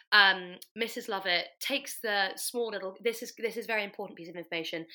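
Woman podcast host, bright forceful tone, loose chatty recap full of ums, slips into quick character voices. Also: mid-range voice. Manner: chatty, filler-heavy, acts out quotes of the characters. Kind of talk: casual plot recap.

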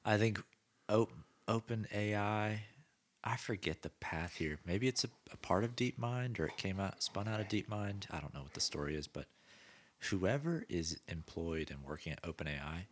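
A man's voice: low voice, animated, normal speed. A man co-hosting a podcast, chatting casually and enthusiastically about gadgets. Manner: enthusiastic, acts out quoted voices. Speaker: podcast co-host. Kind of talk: casual chat.

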